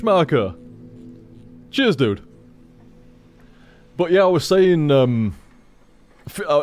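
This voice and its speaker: A man chats loosely to his stream audience from his computer at home, in a middling-pitched voice. He swears freely, circles back and repeats his phrases, and a little music sits faintly underneath. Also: a little mellow. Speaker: game streamer. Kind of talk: rambling casual chat to stream viewers.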